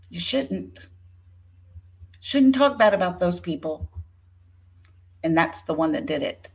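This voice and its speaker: Fifty-something woman on her channel, slow and deliberate, indignant and sarcastic, calling out a rival by name. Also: fairly low pitch, lively intonation. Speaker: YouTuber. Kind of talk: rebuttal vlog talking to viewers.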